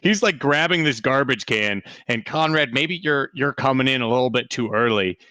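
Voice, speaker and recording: A man's voice: mid-range voice, lively intonation, moderate pace, pushed and bright, no room sound. A man running a tabletop game as game master, narrating loosely with many fillers.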